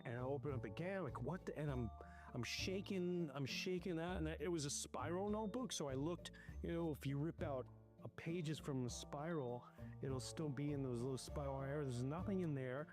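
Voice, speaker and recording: Animated man telling a story over music. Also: fairly high pitch. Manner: animated, rushed retelling with restarts. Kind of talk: casual personal storytelling.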